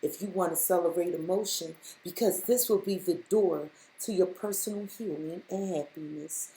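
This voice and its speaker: A woman's voice: on the low side, moderate pace, warm tone. Emphatic woman tarot reader, roomy echo. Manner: repetitive, emphatic, addresses listener directly. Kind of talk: spiritual tarot reading.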